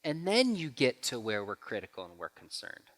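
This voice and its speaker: A man in his forties speaks in a church hall with long reverb. His pitch swings widely as he tells family stories and acts out what people said, and the room rings on after him. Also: normal speed. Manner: animated storyteller who acts out quotes. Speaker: guest speaker. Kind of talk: church talk with Q&A.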